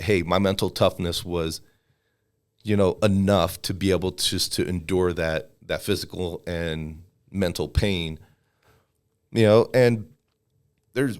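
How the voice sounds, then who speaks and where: A man's voice: sits low, clear, resonant tone. A man of about forty, a fighter and former soldier, telling stories casually as a podcast guest and acting out the people he quotes. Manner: relaxed, acts out quoted people in raised voices. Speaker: guest, MMA fighter and army veteran. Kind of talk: casual storytelling.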